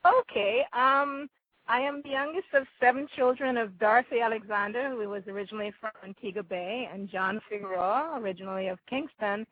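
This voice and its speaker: A woman's voice: on the high side, fairly quick. Jamaican woman speaking over a phone line. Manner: thoughtful, with many ums and restarts. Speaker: guest filmmaker. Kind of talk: radio interview. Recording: tinny phone line, dry.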